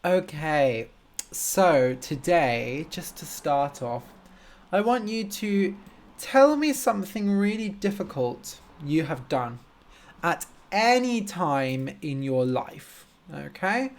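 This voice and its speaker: This man is a language teacher running a live English lesson as a relaxed stream chat. He speaks slowly, clearly and in simplified terms for learners, greeting viewers by name and explaining words. His voice is fairly high with lively intonation.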